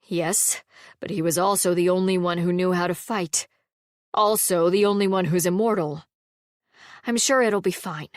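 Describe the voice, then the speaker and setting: A woman's voice: fairly low pitch, normal speed, no room sound, natural voice. An earnest priest, read by a woman, speaks in a plain, matter-of-fact way. The audiobook recording is dry and close. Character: priest of a rat god, earnest, practical. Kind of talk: audiobook character voice.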